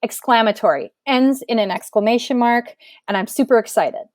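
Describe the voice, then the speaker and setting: A woman teacher with a fairly high voice explains a grammar lesson clearly and patiently. Each point gets a spoken example. She is recorded close on a dry mic with no room sound. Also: normal speed, no echo.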